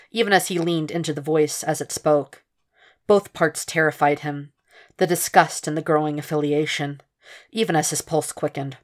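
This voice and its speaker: A woman narrating a fan fiction audiobook in a steady, measured reading. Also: sits low. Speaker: podfic reader.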